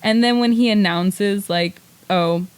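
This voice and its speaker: A woman's voice: medium pitch, slow, smooth, poor audio. A woman hosting a podcast in casual chat, rambling with lots of fillers and laughing often as she talks. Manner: rambling, filler-heavy retelling with frequent "like"; animated, laughs often while talking. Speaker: podcast host.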